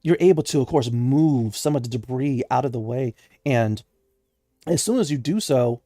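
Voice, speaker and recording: A chatty male game master narrates a fantasy tabletop session at an even middle pitch. He laughs often and fills pauses with frequent fillers. The sound is dry and close, with faint music behind. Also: no room sound.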